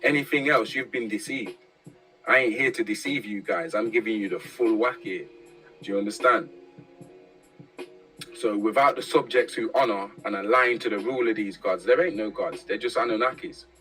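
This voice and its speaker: A man's voice: fairly low pitch, normal speed, pushed and bright, faint music behind, poor audio. A man giving a casual, profane monologue full of street slang, tagging his points with "yeah?". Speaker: commentator.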